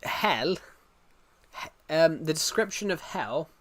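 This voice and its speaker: A man's voice: fairly high pitch, expressive, slow pace, fairly bright tone, a little hiss or hum. A man streaming live, chatting casually, reacting to chat and rambling through restarted sentences.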